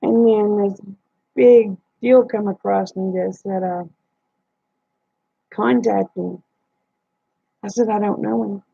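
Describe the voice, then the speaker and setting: A woman's voice: medium pitch, fairly even intonation, unhurried, vocal fry, slightly rough, dry recording. A woman hosting a livestream, telling a personal story in a plain-spoken way and retelling the dialogue. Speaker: livestream host. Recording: dull lo-fi dry sound.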